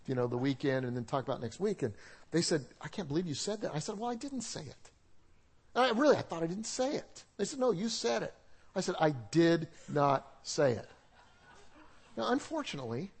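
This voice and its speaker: High-pitched guy pastor preaching in a church, lively and chatty, acting out little quotes. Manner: animated, conversational preaching with acted-out quotes and laughs. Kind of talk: sermon.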